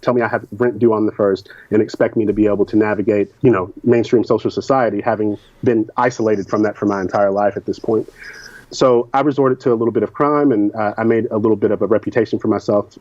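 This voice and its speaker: Frank man from Kentucky, dark voice. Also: on the low side, no room sound. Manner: candid and frank. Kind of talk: recounting personal experiences. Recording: dull lo-fi recording.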